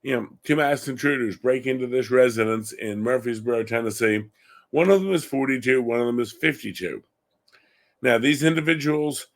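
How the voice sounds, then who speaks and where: A man's voice: medium pitch, vocal fry. A middle-aged man from Long Island, hosting a gun-focused show and giving opinionated, indignant commentary. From Long Island, New York. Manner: indignant, rising to heated emphasis.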